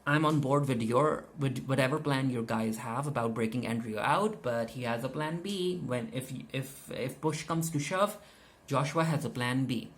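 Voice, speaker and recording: A man's voice: medium pitch, moderate pace. Man giving a rambling TV episode recap. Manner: loose retelling, paraphrases characters' lines; hesitant, frequent fillers and restarts. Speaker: TV show reviewer.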